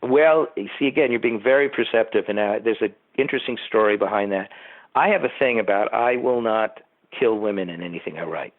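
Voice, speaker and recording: Older man, rambling anecdotes, slightly low and husky voice, tinny phone-line sound, dry with no room echo. He tells long stories and acts out quotes as he goes. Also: a little fast. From Southern California. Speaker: producer and writer, interview guest. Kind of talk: casual anecdotal interview.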